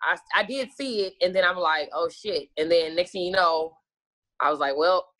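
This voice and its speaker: A woman's voice: lowish voice, moderate pace, a bit bright. A woman guest telling stories in casual, profane chat, acting out her own past lines and laughing often.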